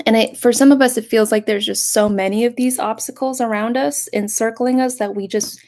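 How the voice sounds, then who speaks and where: A young woman reads tarot live on stream in a soft, rambling, casual way, her voice on the high side and a little quick. She keeps interrupting herself to welcome viewers with a burst of excitement.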